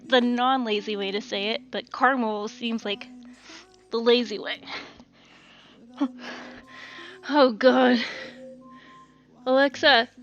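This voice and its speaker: A young woman talks casually to her chat from a home kitchen, bright and a touch high in pitch. She giggles often, curses lightly and sounds a little out of breath. Soft music plays faintly behind her. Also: dull audio. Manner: giggly, chatty, reads chat aloud, swears casually. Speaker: streamer. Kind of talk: casual live-stream chat while cooking.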